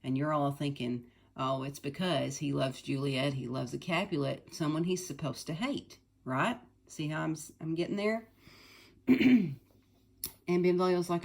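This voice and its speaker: A middle-aged woman teacher retelling a play for her students in a chatty, paraphrasing way, often clearing her throat. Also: low voice, unhurried, darkish tone.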